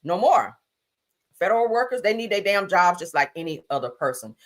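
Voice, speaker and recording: A woman hosting a livestream, giving sassy, animated commentary on news and gossip, swearing freely and calling listeners honey. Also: on the low side, fast talker. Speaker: livestream host.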